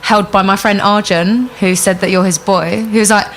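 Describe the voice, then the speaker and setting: A woman's voice: mid-range voice, fairly even intonation, moderate pace, fairly bright tone, slight background noise. Chatty woman laughing between stories. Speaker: singer, podcast guest. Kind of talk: casual chat.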